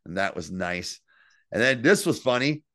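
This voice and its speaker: A man co-hosting a podcast, recapping an episode in casual, profane, animated chat. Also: medium pitch, moderate pace, no room sound, clean studio sound. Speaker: podcast co-host.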